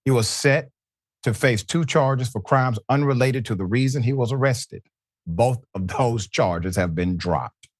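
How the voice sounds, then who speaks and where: A man hosting a news commentary show, delivering stories with dramatic emphasis and pauses. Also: mid-range voice, dry recording, studio quality.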